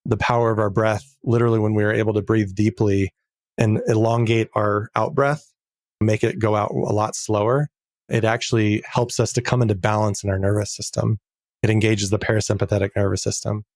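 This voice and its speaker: A middle-aged man talking as a podcast guest in a casual interview, earnest and reflective, slowing down to stress key words. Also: lowish voice, little pitch movement, a little mellow, no room sound, studio quality.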